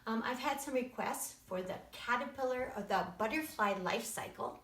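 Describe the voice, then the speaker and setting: Brief: upbeat woman kids' music teacher, sing-song and encouraging, fairly high voice, roomy sound. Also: moderate pace, fairly bright tone. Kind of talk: live-streamed lesson with chants. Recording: roomy echo.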